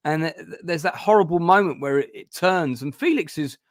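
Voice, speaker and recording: A man's voice: fairly high pitch, a little fast, no echo. Rambling man, dry close sound. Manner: rambling retelling with repeated restarts. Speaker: host of a review channel. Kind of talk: casual review discussion.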